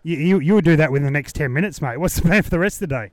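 A podcast host with a slightly high, darkish voice talks at a racing pace. He's interviewing competitors on site at an outdoor shooting range, trading jokes and matey banter with them.

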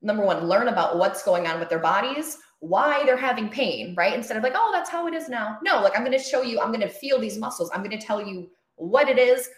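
A woman's voice: mid-range voice, lively intonation, fairly quick, few pauses, echoey room. A young woman physical therapist, a guest in a casual interview, talking with energy and lots of fillers. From Florida. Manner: enthusiastic, chatty, many fillers like "like" and "kind of".

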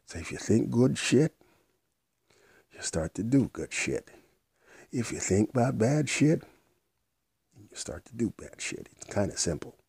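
A man's voice: medium pitch, very animated, measured pace, gravelly, pauses often, a little mellow, slightly rough, no echo. A man giving an unscripted motivational monologue in a blunt, rambling way. He repeats himself and swears casually.

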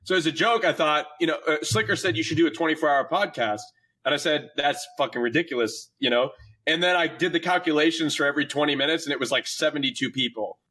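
A man's voice: fairly high pitch, fast talker, pushed and bright, husky. A man chatting on a podcast, rambling and hesitant with many restarts. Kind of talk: casual podcast chat.

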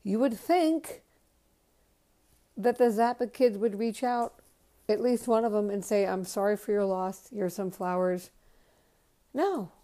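A woman's voice: medium pitch, unhurried, pauses often, warm tone. A woman hosting a podcast, rambling late at night at home while doing chores, blunt and emotional, swearing freely. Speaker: podcast host.

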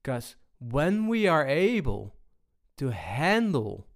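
A man giving a personal talk on balance, unhurried and full of pauses and restarts. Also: a little high, sing-song. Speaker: speaker on balance.

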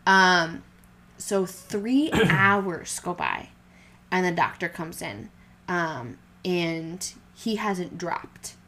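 A woman's voice: fairly low pitch, lively intonation, drawn-out words, bright, forceful tone. Candid young woman, rambling chat. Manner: candid and rambling, many fillers and restarts. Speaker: podcast co-host telling her birth story. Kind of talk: casual chat.

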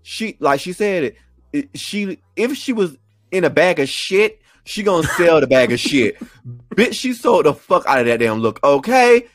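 Man co-host, emphatic and expressive, lively pitch swings, dry dead sound. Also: measured pace, no room sound, faint music behind. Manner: expressive, emphatic, cusses freely. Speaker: podcast co-host. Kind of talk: casual recap chat.

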